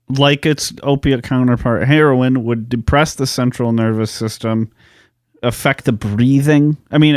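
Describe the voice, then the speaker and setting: A man co-hosting a casual history podcast, telling the story in a relaxed, profane, joking way. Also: medium pitch, clean tone, dry recording, clean studio sound. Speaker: podcast co-host.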